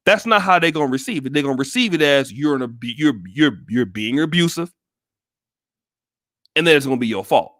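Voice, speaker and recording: An American man from the United States delivers blunt, profane livestream commentary full of restarts, speaking a little fast in a fairly high, lively, fairly bright voice. The studio-quality recording has no room sound.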